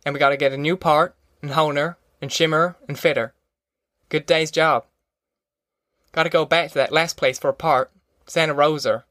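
A man voicing a steady, practical young male farm worker in a rural drawl, in an audiobook. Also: fairly high pitch, normal speed, dry recording, studio quality.

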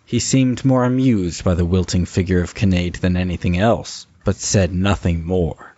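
Man narrating a story, deep voice, husky, lo-fi sound. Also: moderate pace. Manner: steady storytelling. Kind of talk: scripted narration. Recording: dull lo-fi recording.

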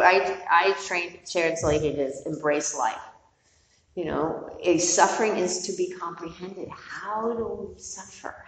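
A middle-aged woman teaching meditation, giving a candid, digressive dharma talk to a group with some casual swearing. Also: lowish voice. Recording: roomy hall from a distance, faint noise.

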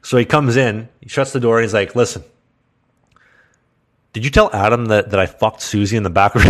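A man's voice: fairly low pitch, a little fast, long pauses. A young man hosting a podcast, telling a crude work story in casual chat with lots of laughter. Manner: laughing, crude, animated anecdote. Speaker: podcast host.

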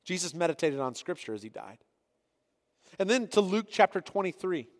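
A man's voice: high-pitched, big pitch swings, normal speed, big-room sound. A man preaching a sermon as pastor, reading scripture passages aloud and then explaining them earnestly.

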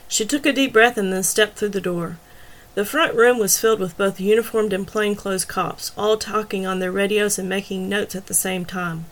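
A woman narrating a crime novel as an audiobook in a steady, even storytelling manner. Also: mid-range voice. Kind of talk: scripted narration.

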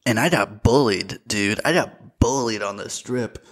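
A young man hosting a casual solo podcast, telling a story with animated energy, swearing freely and calling his listeners dude. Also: fairly low pitch, unhurried. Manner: animated storytelling, bursts into shouted voices. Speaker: podcast host.

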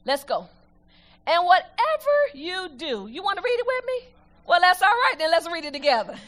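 A woman preaching a sermon, lively and emphatic, reading scripture slowly aloud with the congregation. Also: extremely high pitch.

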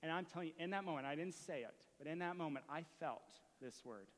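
A man preaching a sermon as a story, moving from hushed retelling to impassioned shouting. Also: fairly high pitch, fast talker, hardly any pauses, in a large hall. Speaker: pastor.

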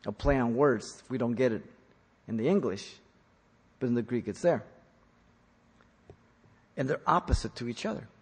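A man preaching a teaching sermon on scripture, stressing key words loudly and then dropping to quiet asides. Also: mid-range voice, expressive, moderate pace, long pauses, breathy edge. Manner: emphatic, swings from loud stresses to quiet asides. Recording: long reverb of a large hall.

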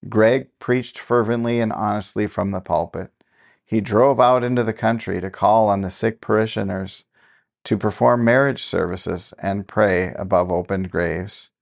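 Low gravelly male storyteller. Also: unhurried. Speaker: narrator. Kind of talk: scripted story narration.

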